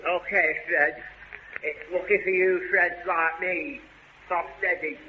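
An actor playing a dim, meek, soft-hearted henchman. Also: high voice, steady tone, slow, dull audio. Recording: roomy, distant, noisy old radio recording.

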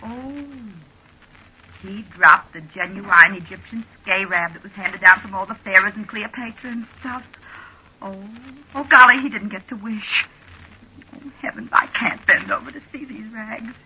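A man's voice: sits high, normal speed, bright, forceful tone, breathy edge, heavily acted. Give me a flustered scatterbrained woman in old radio comedy. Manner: flustered, gasping exclamations. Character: fussy scatterbrained woman, Jennifer. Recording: dull lo-fi old radio recording.

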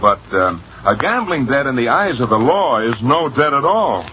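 A man's voice: mid-range voice, big pitch swings, moderate pace, slight background noise, natural voice. A man playing a wry young American gambler. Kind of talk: old-time radio drama acting. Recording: dull lo-fi old radio broadcast.

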